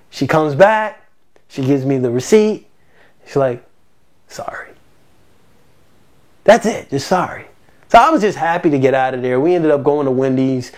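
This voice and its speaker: Someone ranting about a bad order, really animated, voice jumps all over the place. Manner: animated, acts out quotes with big pitch jumps; exasperated, recounting a grievance. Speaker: parent telling a personal story. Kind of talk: casual storytelling to camera.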